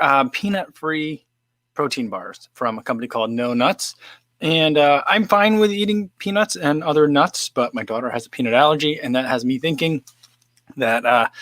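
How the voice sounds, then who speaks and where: A man's voice: medium pitch, no echo. A man hosting a casual livestream, chatting loosely with many fillers and reading out viewer comments. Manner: relaxed and rambling, with many fillers. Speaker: livestream host. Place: home studio in the American Midwest.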